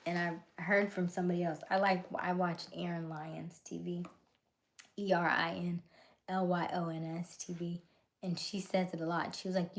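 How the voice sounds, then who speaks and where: A woman hosting a casual live stream, greeting viewers by name and reading their comments, often dropping into a soft whisper. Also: on the low side, level tone, moderate pace. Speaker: livestream host.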